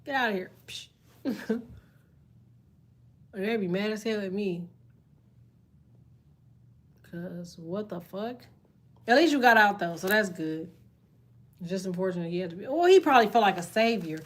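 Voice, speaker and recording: A woman's voice: medium pitch, animated, moderate pace, long pauses. A woman reading tarot who reacts to viewer comments in casual live-stream chat. She swears freely, jokes, and laughs often. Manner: profane, laughs often, jokey banter.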